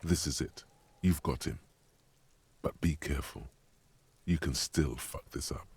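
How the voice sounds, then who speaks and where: A grave inner voice narrates a detective game. His voice is extremely deep, gravelly and rough-edged. He counsels the player in a slow, solemn second person. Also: a little mellow, no room sound, exaggerated voice.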